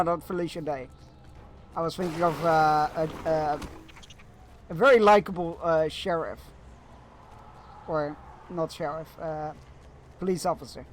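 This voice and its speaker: A man's voice: fairly high pitch, slight background noise. A man chatting casually with his viewers while he streams a video game. He rambles a bit and fills gaps with "uh". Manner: rambling and chatty, with many fillers. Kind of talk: casual chat while gaming.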